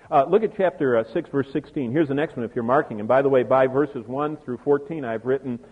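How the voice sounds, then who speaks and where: A man's voice: mid-range voice, brisk, slightly rough. An older man preaching a sermon, telling a personal story to his congregation with many asides. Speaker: pastor. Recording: tinny phone-like sound with long hall reverb.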